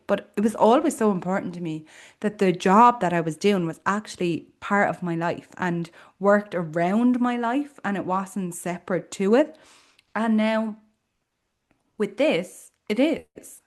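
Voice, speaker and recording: A woman's voice: medium pitch, a little slow. A woman with an Irish accent hosting a podcast, talking earnestly and reflectively in a personal monologue with casual fillers. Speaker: podcast host.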